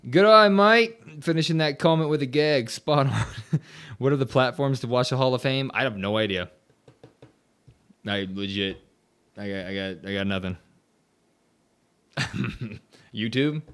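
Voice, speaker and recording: A man's voice: medium pitch, unhurried, pauses often, clean tone. A man hosting a casual live stream, chatting loosely, reading out viewer comments and grumbling as he sets things up. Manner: chatty, reads viewer comments aloud, grumbles about tech. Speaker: livestream host.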